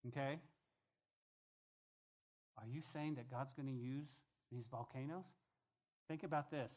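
A male pastor giving a sermon, talking to the congregation in a lively, conversational way and reading scripture softly at the close. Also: medium pitch, a little slow. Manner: animated, conversational preaching with asides to the congregation.

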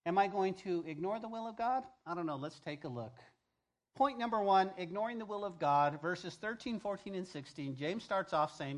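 Animated male pastor preaching. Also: high-pitched, fairly quick. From New Mexico. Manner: animated, acts out voices, shifts between loud calls and quiet asides. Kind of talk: sermon. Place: church sanctuary.

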